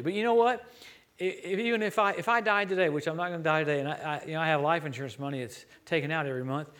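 Fairly high-voiced preacher from Louisiana. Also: male voice. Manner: storytelling, animated preaching with quoted dialogue. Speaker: traveling preacher. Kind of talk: sermon. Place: church.

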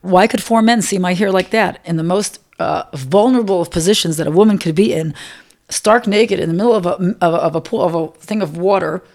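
A middle-aged woman recounting a personal experience in an interview, emotional and halting, often repeating words. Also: fairly low pitch, a little mellow.

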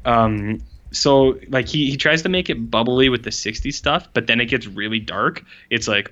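A man's voice: medium pitch, normal speed, fairly bright tone, highs cut off. A young man co-hosting a podcast in casual chat, rambling with lots of fillers and sounding exasperated. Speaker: podcast co-host.

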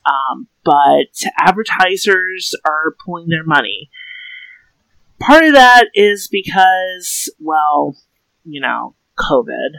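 A man with a gravelly, creaky voice talks slowly and sardonically, rambling through fillers in a casual podcast chat. His voice sits a little high for a man, and the sound is dry and close. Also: animated, bright, forceful tone, dry recording, low-quality recording.

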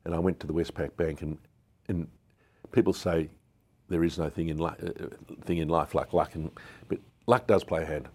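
Rumbling low, husky and darkish, this man speaks at a moderate pace with fairly even intonation. He's an Australian business founder in his 60s, a guest in a storytelling interview, sharing candid anecdotes and acting out quotes.

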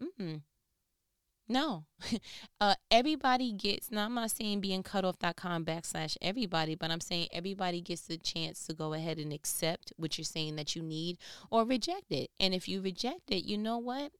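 Animated woman talking into her phone. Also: medium pitch, moderate pace, smooth, no room sound, clean studio sound. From New York. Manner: animated storytelling, swings from loud to hushed. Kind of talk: casual motivational talk to a phone.

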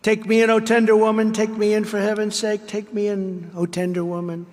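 A man's voice: high-pitched, little pitch movement, a little fast, a little mellow, close to an everyday voice. A man reading out a vicious, sly snake's lines in a sing-song pleading refrain at a rally. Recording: reverberant hall.

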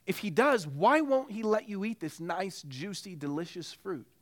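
A man's voice: high-pitched, expressive, normal speed, voice pushed up. A man voicing a sly male serpent in a storybook reading, coaxing and insinuating.

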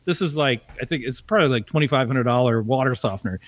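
A man's voice: mid-range voice, quick pace. A man casually telling an annoyed story on a podcast, swearing and laughing a lot as he goes. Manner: animated, profane, laughing often.

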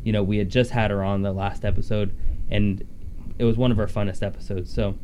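A man's voice: lowish voice, flat delivery, fairly quick, dark tone, lo-fi sound, a little hiss or hum. A man co-hosting a podcast, talking in a laid-back, dry way. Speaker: podcast co-host. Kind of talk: casual chat.

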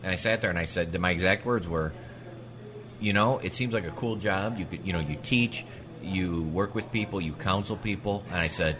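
A man's voice: low-pitched, moderate pace, noisy background. A man co-hosting a podcast, trading wry, sarcastic quips in casual banter. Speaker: podcast co-host.

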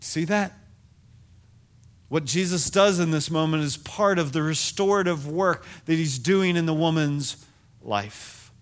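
A middle-aged man preaching a sermon as pastor, telling stories in an animated, self-deprecating way. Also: on the high side, a little slow.

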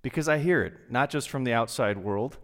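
A male pastor preaches in an earnest, conversational way, letting pauses hang between his phrases. His mid-pitched voice carries a long reverb through a large church sanctuary. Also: animated, a bit bright. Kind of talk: sermon.

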